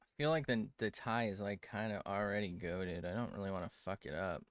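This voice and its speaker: A man's voice: on the low side, a little fast, dry recording, studio quality. A young man streaming while he draws, rambling to chat, mocking himself and swearing often.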